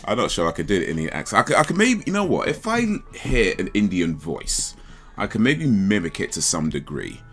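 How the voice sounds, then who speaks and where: Very deep-voiced man rambling on stream. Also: big pitch swings, brisk, soft background music. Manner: rambling, laughing, trailing off mid-thought. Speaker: livestream host. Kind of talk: casual livestream chat.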